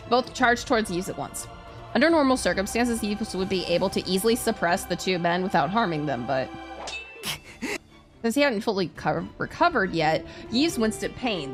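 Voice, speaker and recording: A woman streamer reads a story game aloud, breaking in with animated, cursing asides. Her voice sits at a middle pitch but swings widely. Faint stream music plays underneath. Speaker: VTuber streamer. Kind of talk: reading a game aloud with commentary.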